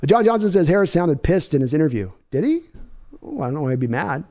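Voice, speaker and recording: Brief: live stream host, tired fading voice, analytical, mellow tone, a bit high. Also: male voice, big pitch swings, fast talker. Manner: analytical, reads donor comments aloud. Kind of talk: live sports reaction commentary.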